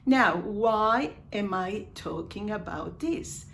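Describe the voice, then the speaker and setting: A woman whose first language is Spanish, teaching an English grammar lesson and slowly repeating each example sentence, with asides in Spanish. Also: mid-range voice, expressive, a bit bright, slight background noise.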